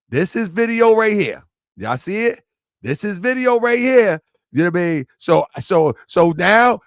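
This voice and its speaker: A man's voice: sits high, fairly bright tone, no echo, studio quality. A man hosting his online show, talking in a rambling, repetitive way with lots of slang. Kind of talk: casual livestream talk.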